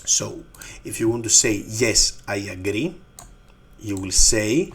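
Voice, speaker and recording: A man with a Greek accent teaching a language lesson, repeating each word slowly and patiently. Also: on the low side, slight background noise.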